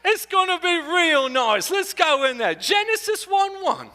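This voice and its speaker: A man voicing a silly, cheery British man reading scripture on the radio, in a drawn-out, sing-song put-on British accent. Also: very high voice, sing-song, sharp tone, voice pushed up, full character voice. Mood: chirpy. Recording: echoey hall.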